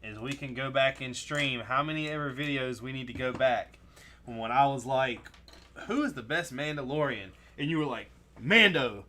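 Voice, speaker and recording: A man co-hosting a casual building live stream, teasing his partner in an animated way and reading chat messages aloud. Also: mid-range voice, moderate pace, slight background noise.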